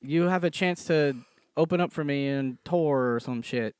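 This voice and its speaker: A young man co-hosting a podcast, joking and laughing often in relaxed casual banter. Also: fairly high pitch, normal speed, clear, resonant tone, dry recording, studio quality. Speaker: podcast co-host, regular comedian. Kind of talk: casual chat.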